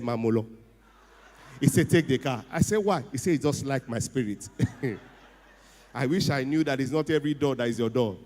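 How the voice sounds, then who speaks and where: Nigerian man telling stories in a reverberant hall. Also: on the high side. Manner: animated, switches to a hushed voice for quoted lines, laughs often. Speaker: speaker at a ceremony. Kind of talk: humorous storytelling speech. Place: event hall.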